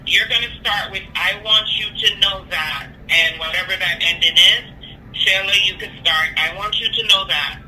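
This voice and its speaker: Upbeat male host, high pitch, very bright tone, music faint. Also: moderate pace, low-quality recording. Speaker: interviewer, host. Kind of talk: reading interview questions.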